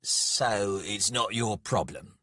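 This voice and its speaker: A man's voice: fairly low pitch, lively intonation, slow, bright, forceful tone, dry recording, studio quality, exaggerated voice. A man voicing cool, cunning dwarf Skalg. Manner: cool, controlled, mock-submissive. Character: injured, cunning male dwarf hero, outwardly meek. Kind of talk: audiobook character voice.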